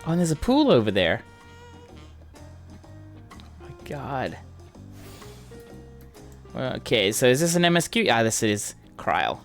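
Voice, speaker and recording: A man playing through a game and commenting casually, with excitable, gushing exclamations. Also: mid-range voice, unhurried, pauses often. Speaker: gamer streamer. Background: game music.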